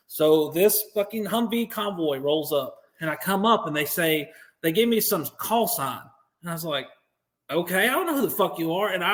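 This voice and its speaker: Brief: male podcast host in his forties, high voice, animated and profane storyteller. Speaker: Marine veteran. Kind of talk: casual war-story chat.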